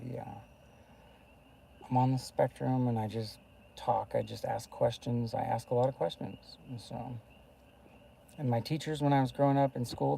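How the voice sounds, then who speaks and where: A young man talking to his camera while riding in a car, rambling casually, excitable one moment and murmuring the next. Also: medium pitch, vocal fry, a little hiss or hum. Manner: excitable, jumps between topics, swings from loud to murmured. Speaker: vlogger. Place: inside a car.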